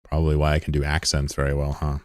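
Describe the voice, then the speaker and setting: Low-voiced rambling male game streamer. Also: monotone, quick pace. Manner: rambling, curious, filler-heavy and profane. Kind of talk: casual chat with viewers while gaming.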